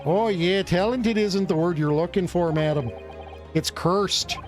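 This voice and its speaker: A man's voice: high-pitched, a little slow, soft background music. A man voicing a boastful, rich old businessman in a put-on Irish accent that slips toward Canadian, reading game dialogue. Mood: insistent. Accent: put-on Irish drifting Canadian. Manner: blustering, folksy, theatrical.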